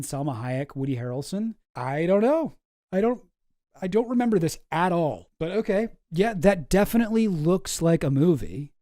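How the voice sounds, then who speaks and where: A man hosting a commentary show, reacting to clips with sarcastic, deadpan asides. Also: on the high side, no room sound, studio quality. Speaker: host.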